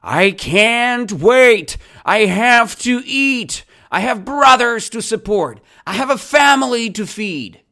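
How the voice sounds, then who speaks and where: Teacher acting out a starving male kangaroo, loud pleading yell, high-pitched, slow. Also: lively intonation, exaggerated voice. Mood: desperate yelling. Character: desperate hungry male kangaroo yelling.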